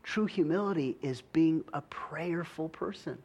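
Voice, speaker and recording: A young adult man gives a casual, conversational sermon, his voice sitting a little higher than most men's. He laughs easily and keeps asking "right?" as he talks the listeners through his point. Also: a little slow, darkish tone, breathy edge. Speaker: preacher.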